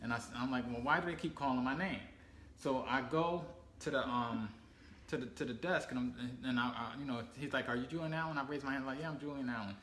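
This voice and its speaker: A man's voice: mid-range voice, fast, fairly bright tone. A man casually telling a travel story on a family channel, acting out the people he quotes and laughing as he goes. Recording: echoey room with faint ambient noise.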